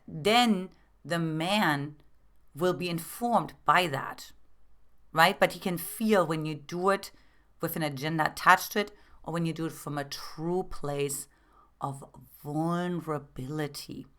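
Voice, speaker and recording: A woman's voice: lowish voice, sharp tone. A middle-aged woman from East Germany, coaching women on relationships in an earnest, intimate way and calling the listener "girlfriend".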